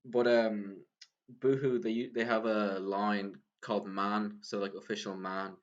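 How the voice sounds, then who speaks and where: A man's voice: lowish voice, little pitch movement, unhurried, highs cut off. Rambling young Irish man telling a story. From Ireland. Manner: rambling storyteller, many "like"s, laughs while talking. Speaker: podcast co-host. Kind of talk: casual chat.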